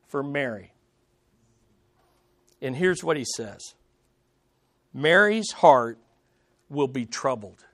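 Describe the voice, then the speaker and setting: High-voiced pastor preaching slowly. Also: male voice, dry recording, clean studio sound. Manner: emphatic, swinging from loud to hushed. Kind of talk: sermon. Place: church sanctuary with congregation.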